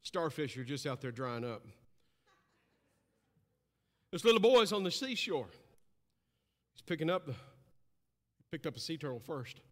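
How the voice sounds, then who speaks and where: A man's voice: big pitch swings, moderate pace, pauses often. Impassioned male preacher in a reverberant hall. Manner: impassioned, swings from loud and high to low and hushed. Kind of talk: sermon.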